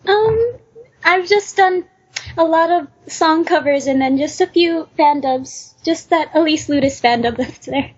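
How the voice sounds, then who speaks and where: A young woman, a newcomer voice actor, chatting bashfully and giggling like an excited fan. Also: high-pitched, measured pace. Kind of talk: casual podcast chat over a call. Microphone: online voice call. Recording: dull lo-fi call audio.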